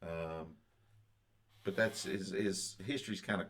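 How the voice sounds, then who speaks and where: A man, co-hosting a podcast in casual chat, halting with many fillers and restarts. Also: sits low, a bit bright. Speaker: podcast co-host.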